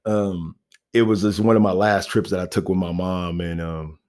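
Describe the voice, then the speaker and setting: A man's voice: sits low, level tone, normal speed, darkish tone. A man telling a personal story in a casual, rambling way, full of fillers. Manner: rambling, laid-back, many fillers and "you know what I mean".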